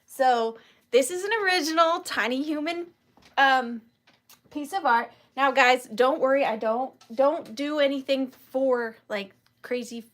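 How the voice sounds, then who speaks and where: A woman's voice: sits high, measured pace, fairly bright tone. A woman in her thirties hosting a live vintage sale, chatting in a gushing, proud way. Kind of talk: casual live-sale chat.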